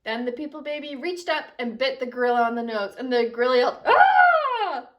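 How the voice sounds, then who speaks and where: A young woman teacher reading a silly picture book aloud to children, with animated, expressive storytelling. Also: fairly high pitch, quick pace, distant mic, muffled recording.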